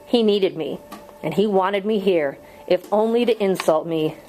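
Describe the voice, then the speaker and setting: A woman narrating a novel chapter aloud in a steady, measured reading voice. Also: medium pitch, soft background music, low-quality recording. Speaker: audiobook reader. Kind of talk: audiobook narration.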